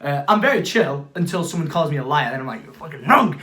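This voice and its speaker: A young man vlogging from England, acting out the people in his story with lots of swearing. His voice sits high and he talks very fast, full of energy. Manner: animated, swears freely, acts out quotes. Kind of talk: storytelling vlog.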